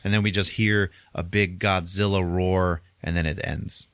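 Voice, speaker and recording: A man retells a movie to his co-hosts in a loose, chatty way, laughing often and acting out quotes from it. His voice is very low and deep. The recording is dry and close, with no room sound. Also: level tone, normal speed, a bit bright, smooth, no room sound. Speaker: podcast host. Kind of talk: casual movie recap.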